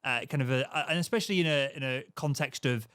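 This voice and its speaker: Quick-talking male podcast host. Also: mid-range voice, fairly bright tone, smooth, no room sound, studio quality. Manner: rambling, hedging questions. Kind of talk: podcast interview.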